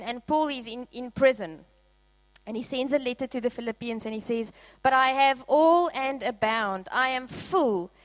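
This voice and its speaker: High-voiced woman preaching. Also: no echo, poor audio. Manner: warm storytelling, laughs often, many fillers. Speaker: pastor. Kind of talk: sermon.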